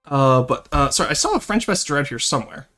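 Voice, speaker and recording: A man's voice: a little high, big pitch swings, fast talker, sharp tone. A young man from Ontario, chatting casually on a live stream, reading chat and switching between English and French with frequent laughs. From Ontario, Canada.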